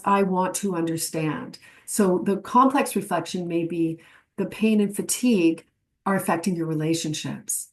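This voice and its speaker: A woman giving an educational webinar lecture, explaining ideas reflectively and acting out short client examples. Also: medium pitch. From Canada. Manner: warm, reflective teaching with quoted client examples. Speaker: webinar presenter.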